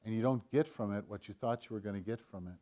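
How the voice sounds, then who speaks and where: A man preaching a sermon, swinging between loud, emphatic lines and hushed, low asides, sometimes acting out the tempter's voice in quotes. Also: quick pace. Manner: acts out Satan's voice in quoted lines. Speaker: pastor.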